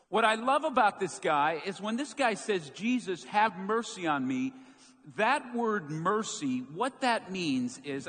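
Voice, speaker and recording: Animated male pastor in a reverberant hall. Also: a little high. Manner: animated storytelling, acts out quoted shouts. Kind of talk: sermon. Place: church sanctuary. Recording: long church hall reverb.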